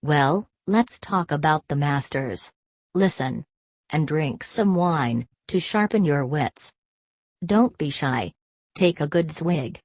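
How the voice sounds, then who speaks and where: Weary undead hunter, read by a woman, low and calm, dry close mic. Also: slow pace, no room sound, full character voice. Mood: solemn. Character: ancient weary male ghostly hunter.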